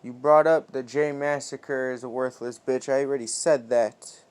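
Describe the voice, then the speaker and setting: A man cutting an in-character wrestling promo, taunting his rival with profane trash talk, swinging from shouts to hushed whispers. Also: medium pitch, fairly even intonation, moderate pace, clear, resonant tone.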